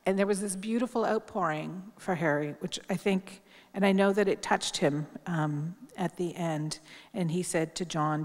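A woman's voice: lowish voice, normal speed, darkish tone. Wry chatty woman speaker in a big hall. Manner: candid, wry, chatty with frequent ums. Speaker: journalist. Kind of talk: memorial tribute speech. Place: large hall at a public event. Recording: long hall reverb.

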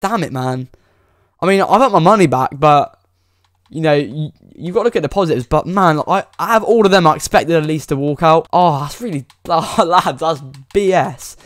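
A young man giving excitable, pleading commentary while opening game packs, full of exclamations and slang. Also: fairly high pitch, moderate pace, no room sound, studio quality. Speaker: gaming YouTuber.

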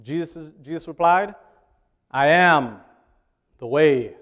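A man preaching a sermon in a conversational way, often asking the congregation questions and swinging between loud emphasis and quiet asides. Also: a little high, slow pace.

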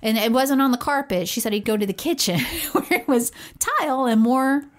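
Animated woman telling a story. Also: sits high, normal speed. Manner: animated storyteller who acts out quoted voices. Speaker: podcast co-host, parent. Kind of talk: casual chat.

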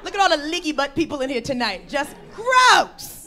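A woman performing a brash stand-up comedy set live, working the crowd with animated storytelling. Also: high voice, racing. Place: live venue before an audience. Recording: faint crowd noise. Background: audience laughter.

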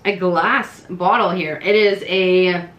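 A woman vlogger chatting excitedly as she unboxes beauty products, thinking out loud. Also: fairly low pitch, slow. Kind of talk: casual unboxing chat. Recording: echoey room.

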